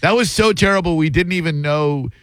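A man's voice: fairly high pitch, brisk, a bit bright, dry recording. A man hosting a call-in radio show, talking in a wry, joking and opinionated way into a studio microphone.

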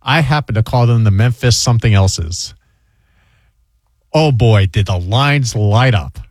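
A man's voice: lowish voice, measured pace, no room sound. Storytelling man from New York, dry mic. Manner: animated storyteller, acts out quoted voices. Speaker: radio host. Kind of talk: casual chat.

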